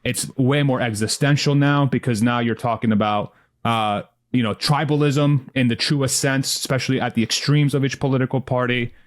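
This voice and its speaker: A man's voice: mid-range voice, fairly even intonation, moderate pace. A man co-hosting a podcast, thinking aloud in a reflective, casual way with frequent restarts. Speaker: podcast co-host.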